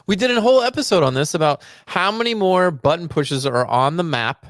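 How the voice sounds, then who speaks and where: A man's voice: fairly high pitch, animated, fairly quick, a bit bright, no echo, studio quality. A man co-hosting a podcast in casual chat, laid-back and joking. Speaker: podcast co-host.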